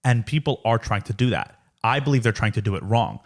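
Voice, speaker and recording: Young man chatting casually, lowish voice. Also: animated, a little fast. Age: young adult. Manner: casual, fills with "like". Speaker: podcast co-host, son. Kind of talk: casual podcast chat.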